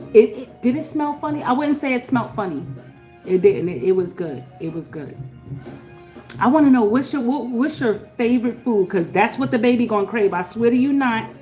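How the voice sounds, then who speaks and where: A middle-aged woman chatting casually on a livestream, dropping to soft murmured blessings and then rising into loud, excited outbursts. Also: medium pitch. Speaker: livestream host. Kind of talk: casual live-stream chat.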